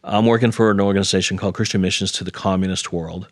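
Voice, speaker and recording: A middle-aged interview guest earnestly tells a personal story with self-deprecating humor, acting out the dialogue as he goes. His low-pitched voice holds a steady tone and moves fast. The recording is clean studio sound with no room echo.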